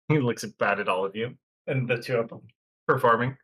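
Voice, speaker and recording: A man narrating as game master of a tabletop game, relaxed and chuckling as he tells the scene. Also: medium pitch, fairly quick, breathy edge.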